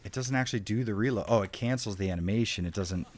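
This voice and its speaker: Young man, low voice, profane, excitable, trash-talking gameplay commentary, faint typing noise. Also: fast. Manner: profane, excitable, jokey trash talk at the game. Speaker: streamer.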